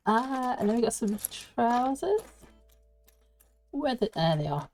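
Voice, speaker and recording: Woman, slow chatty Lego build commentary, lively pitch, giggly, faint background music. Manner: chatty and giggly, talking to herself while building. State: slightly out of breath.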